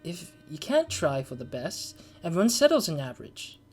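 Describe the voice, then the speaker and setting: A game streamer voicing an opinionated woman, trying a light Southern US twang that drifts toward British, slow and emphatic with stumbles. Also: mid-range voice, huge pitch swings, a little mellow, slightly rough, faint music behind. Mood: preachy. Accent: light attempted Southern US twang slipping toward British. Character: opinionated woman, Mrs. Green, railing against communism. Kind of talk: let's play voicing of game dialogue.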